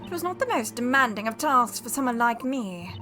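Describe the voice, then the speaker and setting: A woman plays a proud, scheming noblewoman villain in a game, her voice pushed louder and a touch higher than her own as she sneers and commands. Game music sits clearly behind. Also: big pitch swings, fairly quick. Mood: imperious. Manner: imperious, scornful, loud. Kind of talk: voicing game dialogue while streaming.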